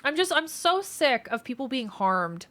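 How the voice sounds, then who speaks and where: High and sing-song, her fairly bright voice carries a casual live stream where she reads viewer comments out loud. She's a surgical trainee who talks frankly, swears, and vents quickly.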